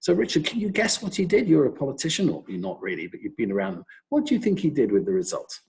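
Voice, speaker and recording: A middle-aged man with a British accent, an epidemiologist giving a webinar talk and telling wry, lively anecdotes. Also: medium pitch, fast, vocal fry, rough recording. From Britain. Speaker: professor, epidemiologist.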